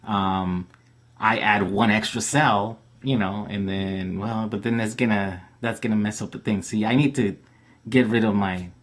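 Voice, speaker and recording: A man with a somewhat low voice hosts a live question-and-answer stream. He talks loosely and casually, with lots of fillers and restarts as he works through viewer questions. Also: fairly even intonation, measured pace.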